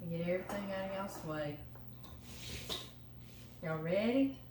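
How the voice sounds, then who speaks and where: A woman's voice: mid-range voice, animated, unhurried. Chatty Southern woman in a roomy kitchen. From Louisiana. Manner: chatty, folksy, talks straight to the viewers. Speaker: home cooking vlogger. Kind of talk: casual kitchen chat. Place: home kitchen. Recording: roomy kitchen, mic at a distance, noisy.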